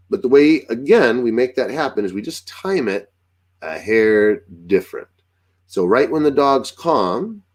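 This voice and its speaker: A man giving casual dog-training advice, acting out what dogs and owners might say. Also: medium pitch. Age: adult with a young daughter. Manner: animated, acts out dialogue with dogs and owners.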